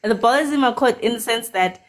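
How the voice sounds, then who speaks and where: A woman's voice: on the high side, fairly quick. A woman in her thirties calling into a live stream, rambling about her ex and laughing often. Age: 30s. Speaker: caller. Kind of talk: casual chat on a live stream call.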